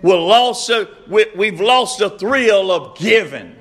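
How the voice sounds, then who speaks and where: A man preaching a sermon, slow and emphatic, repeating his refrains and rising to shouts. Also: high voice, animated.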